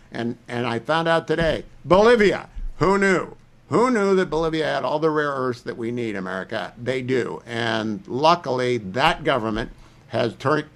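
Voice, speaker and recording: A man's voice: mid-range voice, fairly bright tone. A man hosting a political talk radio show, emphatic and opinionated, firing off questions to his guests.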